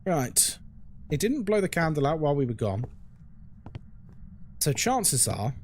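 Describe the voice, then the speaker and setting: A man's voice: on the high side, big pitch swings, unhurried, a little hiss or hum. A young man streaming a ghost-hunting game live, chatting casually with his chat while he plays and reacting to what happens in the game.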